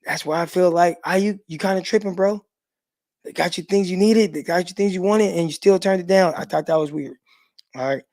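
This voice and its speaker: A relaxed middle-aged man hosts a sports livestream in an easygoing, conversational way. He speaks directly to his viewers, reads out their comments, and fills his talk with casual "like"s. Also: sits high, brisk. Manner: laid-back, loose and chatty, with lots of "like" fillers; talks straight to the live chat and reads out viewer comments. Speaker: sports show host.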